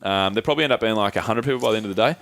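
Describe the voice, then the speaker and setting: A man's voice: on the low side, very fast, fairly bright tone, no room sound. A young man co-hosting a podcast, telling a personal story in casual chat, swearing freely and acting out his friends' voices. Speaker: podcast co-host.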